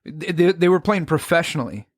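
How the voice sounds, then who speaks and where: A man's voice: on the high side, lively intonation, fairly quick, no echo, clean studio sound. A man hosting a podcast, chatting casually, laughing often and stumbling over repeated words. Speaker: podcast host, magician.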